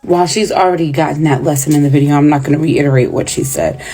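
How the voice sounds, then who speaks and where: A woman's voice: sits low, quick pace, mellow, a little hiss or hum. A woman in her thirties speaking firmly and emphatically in a reaction video. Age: 30s. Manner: firm, emphatic.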